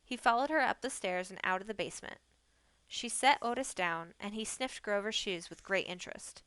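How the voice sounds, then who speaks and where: A woman reading a novel aloud on a live stream, telling the story gently and unhurriedly. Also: mid-range voice, smooth, no echo. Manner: gentle, unhurried storytelling, trying on the characters' lines. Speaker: book reader on a live stream.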